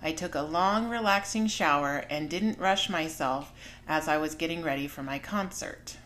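Podcast host, woman, 40s; candid personal storytelling, slightly low pitch, frank. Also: moderate pace, a bit bright, a little hiss or hum.

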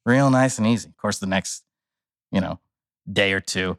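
A man's voice: lowish voice, moderate pace. A man telling a wild story on a podcast in casual, profane talk, acting out what people said. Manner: animated, profane storytelling with acted-out quotes. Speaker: podcast guest.

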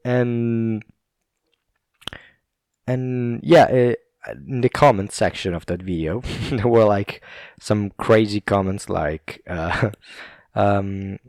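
An Italian man with an Italian accent talks in a low, deep voice at an unhurried pace. He rambles in a casual monologue, laughing often and restarting his sentences. The sound is dry and close. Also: creaky, a little mellow, no room sound. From Italy.

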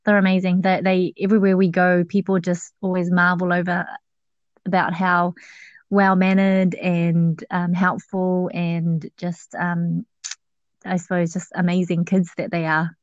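A woman's voice: on the low side, little pitch movement, measured pace, dry recording. Chatty Kiwi woman on a dull call. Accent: New Zealand. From New Zealand. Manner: chatty, many fillers and restarts. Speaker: podcast guest. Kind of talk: casual interview chat.

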